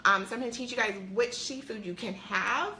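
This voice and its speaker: A woman's voice: a little high, fairly quick, sharp tone, a little hiss or hum. A middle-aged woman chatting to viewers on a live stream from her home, a weight-loss coach in an upbeat, talkative manner.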